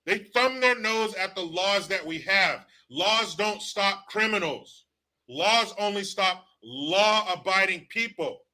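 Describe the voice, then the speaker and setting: A man's voice: sits high, lively intonation, takes it slowly, sharp tone. A man hosting his own political commentary show, ranting bluntly and sarcastically with plenty of profanity.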